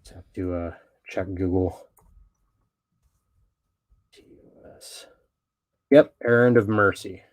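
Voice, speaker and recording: Male podcast host, lower register, brash and profane, dry close sound. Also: slow pace, pauses often, no room sound. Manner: blunt, swaggering, heavy swearing. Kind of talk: profane opinionated monologue.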